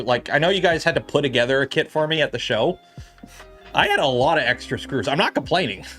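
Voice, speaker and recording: Rambling man, slightly high voice. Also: fairly bright tone. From Canada. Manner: rambling, chatty, filler-heavy. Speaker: livestream host. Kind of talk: casual livestream chat.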